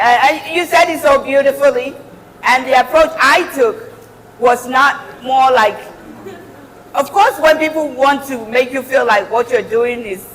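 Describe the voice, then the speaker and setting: A woman's voice: on the high side, a little hiss or hum. A middle-aged woman giving an earnest, encouraging motivational talk as a guest speaker. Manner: earnest, encouraging, warm advice. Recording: reverberant hall.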